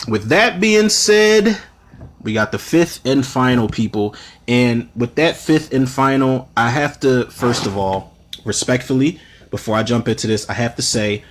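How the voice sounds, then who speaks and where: A man in his thirties giving a casual spoken film review on his podcast. He rants in a profane, animated way, and his pitch sits at an ordinary middle level. His talk is loose and full of fillers.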